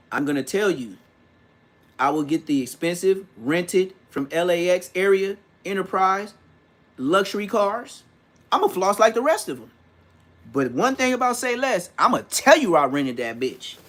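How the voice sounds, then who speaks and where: Middle-aged man from California, a touch high-voiced, vlogging in animated street slang. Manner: animated slangy storytelling, mimics old homies' voices. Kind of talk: casual storytelling rant.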